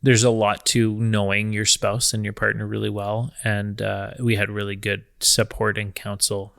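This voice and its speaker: A man in his thirties talks calmly about marriage, his voice low and gravelly. His tone stays level and even, with restarts as he thinks aloud. The sound is close and dry. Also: moderate pace, no echo. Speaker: podcast co-host. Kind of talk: casual conversation about marriage.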